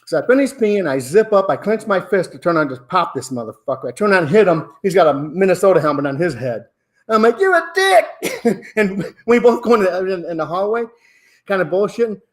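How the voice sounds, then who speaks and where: Brief: man in his sixties, loud, profane, casual storyteller with a fairly high voice. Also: expressive, fast. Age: 60s. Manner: rowdy, profane, laughing storyteller. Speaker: podcast regular telling a story.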